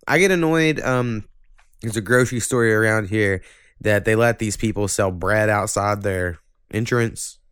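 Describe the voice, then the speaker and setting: A man hosting a casual podcast, ranting and swearing freely, getting animated when annoyed. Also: fairly low pitch, clear, resonant tone, no room sound, studio quality. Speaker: podcast host.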